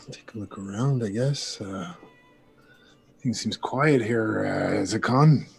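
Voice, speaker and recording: A man taking part in a casual tabletop role-playing session, hesitant and thinking aloud. His low voice has a husky, breathy edge, and faint music plays behind him. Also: drawn-out words, pauses often. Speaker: player.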